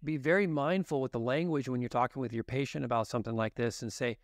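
A man's voice: medium pitch, fast, no room sound, studio quality. A man as a guest expert on a podcast interview, explaining in detail and acting out exchanges with patients. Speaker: guest expert on genetics and nutrition.

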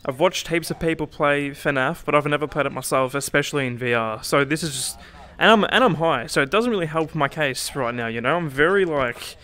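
A young man streams a game, joking, swearing, and yelping at frights in excitable commentary. His voice is on the high side, a little fast, pushed and bright, with a slight crack.

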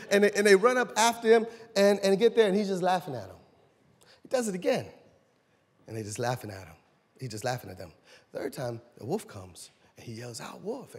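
A man pastor preaching a sermon in a church, animated and conversational, questioning his congregation. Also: sits high, breathy edge. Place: church sanctuary. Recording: long church hall reverb.

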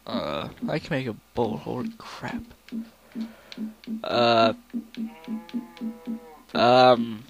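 A young let's player gives casual, rambling commentary on his game, sometimes breaking into pieces of songs. His medium-pitched voice is expressive, with drawn-out words, vocal fry, and frequent pauses.

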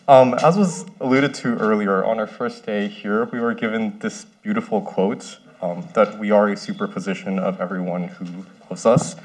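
Earnest young man with a low voice. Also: fairly even intonation. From San Francisco Bay Area. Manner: earnest, emotional, halting. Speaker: first-year medical student. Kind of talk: heartfelt ceremony speech. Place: ceremony stage.

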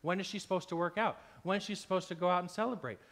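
A man's voice: sits high, fairly even intonation, rapid-fire, fairly bright tone. A man preaching a sermon as pastor, emphatic, acting out imagined complaints in quoted voices, sounding a little unwell and tired. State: unwell, tired with stomach ache.

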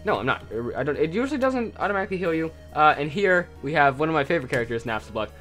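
A man's voice: a little high, animated, very fast, fairly bright tone. A man doing casual let's-play commentary, rambling and joking at his own expense. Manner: rambling, self-deprecating, lots of fillers. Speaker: gameplay commentator. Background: game music.

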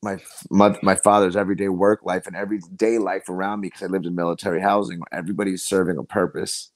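A man as a podcast guest, telling personal stories in an earnest, halting way with many restarts. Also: deep voice, flat delivery, no echo. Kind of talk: personal storytelling in conversation.

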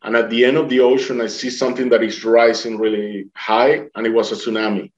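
A man's voice: mid-range voice, brisk. A man telling his own near-death story, acting out the dialogue he recalls, in non-native English phrasing. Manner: animated retelling, acting out quoted dialogue in a raised voice. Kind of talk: personal storytelling. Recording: slightly dull, lo-fi sound.

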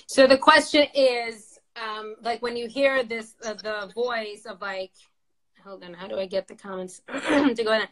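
A woman's voice: fairly high pitch, unhurried, fairly bright tone. A woman therapist on a casual live video call, explaining things thoughtfully with many fillers and restarts. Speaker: therapist guest. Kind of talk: casual live-stream conversation.

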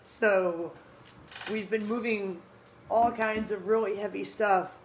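A woman's voice: mid-range voice, steady tone, slow pace, a little hiss or hum, low-quality recording. A woman hosts a casual food-tasting vlog late at night, sounding tired. She is blunt and candid and keeps talking with her mouth full. She speaks into a phone camera indoors at home. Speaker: food vlogger.

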